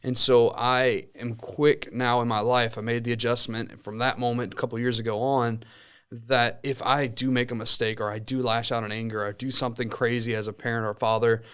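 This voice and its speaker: A man in his thirties telling a personal story in casual chat, with lively, halting restarts. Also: medium pitch, clear, resonant tone. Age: 30s. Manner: animated storytelling with many restarts. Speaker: co-host.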